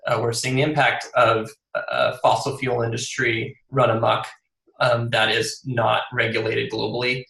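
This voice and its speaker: Male interview guest, gravelly voice, earnest, often restarts, echoey room. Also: mid-range voice, level tone, unhurried, bright, forceful tone. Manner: earnest, many fillers and restarts. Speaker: guest author. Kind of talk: casual interview.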